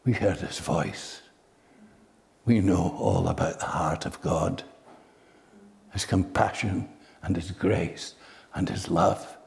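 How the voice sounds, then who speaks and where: A man preaching a sermon slowly, building to loud, emphatic peaks. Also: sits low, vocal fry.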